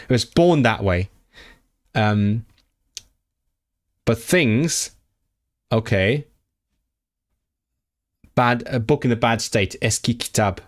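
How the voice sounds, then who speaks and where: A man with a mid-range voice talks slowly and pauses often during a casual self-study livestream. Learning a language, he thinks aloud and keeps repeating foreign words to practice.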